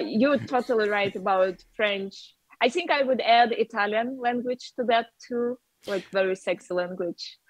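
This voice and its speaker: A woman's voice: on the high side, no room sound, poor audio. Russian accent woman chatting on a podcast, giggly, very dry recording. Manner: laughs often, chatty and playful. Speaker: guest artist. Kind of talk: casual chat.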